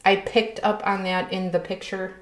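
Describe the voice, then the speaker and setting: A woman in casual chat, learning to paint and grumbling wryly about the task, with a gravelly, self-mocking way of talking. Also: mid-range voice, little pitch movement, normal speed. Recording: echoey room.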